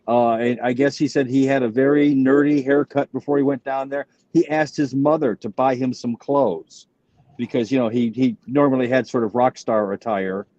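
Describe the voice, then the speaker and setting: Older male comic with a warm, mellow voice, a dry, muffled recording, and a meandering delivery. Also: medium pitch, fairly even intonation, dry recording. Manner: rambling, halting retelling with many restarts. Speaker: stand-up comic guest. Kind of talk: casual anecdotal chat. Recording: dull, muffled sound.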